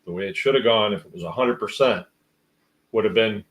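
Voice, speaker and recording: A man's voice: fairly low pitch, brisk, fairly bright tone. A man hosting a livestream, reading out viewer comments and musing in a rambling, wry, casual way. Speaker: host.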